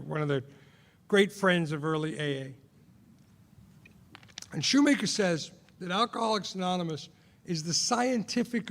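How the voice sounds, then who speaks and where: A man's voice: sits high, creaky, big-room sound. A man sharing his recovery story as a sponsor, asking rhetorical questions, repeating himself for emphasis and poking fun at himself. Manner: rhetorical questions, self-mocking, emphatic repetition. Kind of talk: recovery talk, personal sharing.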